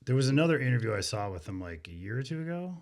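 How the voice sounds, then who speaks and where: A man's voice: mid-range voice, big pitch swings, rapid-fire, vocal fry. A man co-hosting a podcast, chatting casually with short agreeing replies and questions. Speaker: podcast co-host. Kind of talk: casual chat.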